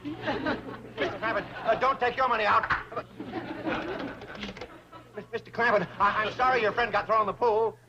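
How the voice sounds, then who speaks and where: An actor playing a fussy, greedy older banker who talks in a pompous, flowery, wheedling way. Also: male voice, high voice, a little fast, a crowd in the background, background noise. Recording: dull old TV soundtrack.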